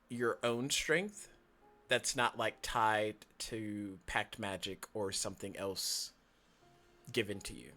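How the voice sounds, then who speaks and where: A male game master narrates the scene in a measured, descriptive way. His voice is bright and his pace is slow, with faint music underneath. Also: medium pitch.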